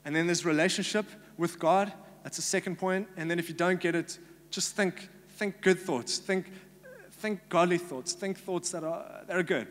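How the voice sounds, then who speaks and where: A man's voice: sits high, normal speed. A South African man preaching a sermon in an earnest, conversational way, with many fillers, recorded live in a church. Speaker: pastor. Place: church hall. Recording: live church hall with long reverb and faint hum.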